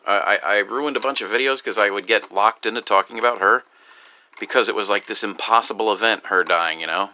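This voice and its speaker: A grieving, upset man talking in a rambling personal vlog, halting and profane, with many restarts. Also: lowish voice, bright, forceful tone. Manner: halting, profane, full of restarts and "you know". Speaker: video creator.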